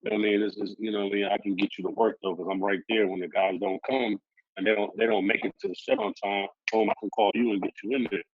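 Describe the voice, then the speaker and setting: A laid-back man with a fairly low voice tells stories in blunt street slang and acts out the lines of the people in them. The audio is dry and a little muffled. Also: steady tone, fast talker, no echo. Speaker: podcast guest. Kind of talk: casual storytelling interview.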